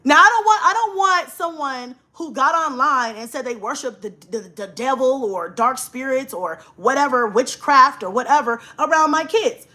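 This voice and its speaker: A woman's voice: high-pitched, animated, normal speed, hardly any pauses, pushed and bright. A young woman vlogger telling a story in a rant, swearing freely and acting out both sides of an argument.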